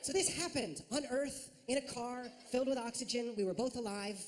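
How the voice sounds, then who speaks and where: A woman doing a stand-up comedy set, telling a story with lively acted-out voices. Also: a little high, brisk.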